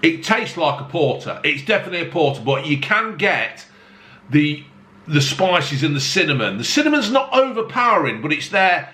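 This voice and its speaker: Sweary, lively man in an echoey room. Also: on the high side, normal speed. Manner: blunt, heavy swearing, jokey self-mocking asides. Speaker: beer-tasting vlogger. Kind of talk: casual beer review to camera. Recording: echoey room with faint ambience.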